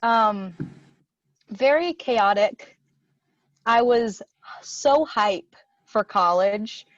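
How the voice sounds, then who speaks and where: A woman's voice: medium pitch, animated, extremely slow, dry recording, muffled recording. A young woman co-hosting a podcast, telling stories in casual chat and acting out what people said. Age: young adult. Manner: storytelling, acts out her own quotes. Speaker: podcast co-host.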